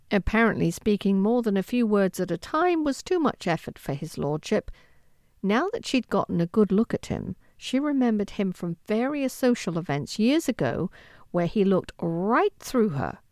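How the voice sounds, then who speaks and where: A woman reads a historical romance aloud with expressive storytelling. Her pitch moves freely, rising and falling through the sentences. The recording is close and dry, with no room sound. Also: no echo. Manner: expressive, with lively intonation. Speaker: audiobook narrator. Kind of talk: scripted narration of a historical romance.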